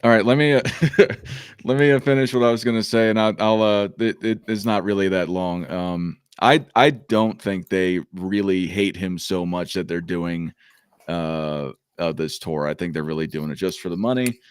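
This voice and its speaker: A man with a lowish, smooth, resonant voice moderates a sports live stream, stopping and restarting with plenty of fillers. He is recorded dry and close. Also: dry recording. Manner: halting, filler-heavy. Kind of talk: casual live-stream chat.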